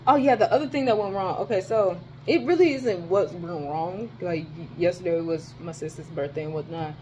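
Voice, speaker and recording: A young woman telling a rant in a casual vlog from her dorm, animated and profane, her voice jumping high when she exclaims. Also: moderate pace, slightly rough. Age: young adult. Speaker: vlogger.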